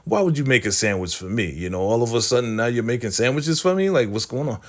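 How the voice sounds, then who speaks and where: A man voicing a wary young woman who quickly asks suspicious questions. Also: mid-range voice, animated, lightly acted.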